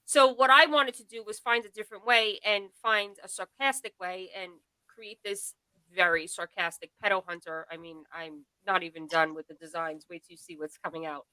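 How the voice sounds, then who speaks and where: A woman's voice: fairly low pitch, steady tone, normal speed, pushed and bright, dry recording, poor audio. A woman in a casual live podcast chat, talking bluntly and in a rambling way, with a sarcastic edge. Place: home.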